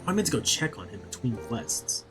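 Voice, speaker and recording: A man's voice: mid-range voice, very animated, moderate pace, music in the background. A young man giving casual gameplay commentary as a streamer, chatty and self-mocking. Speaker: gaming streamer.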